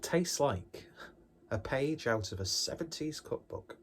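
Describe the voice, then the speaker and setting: A man's voice: medium pitch, lively intonation, slow, a bit bright, a little hiss or hum. A man casually reviewing a beer on his vlog in a rambling, jokey, self-deprecating way.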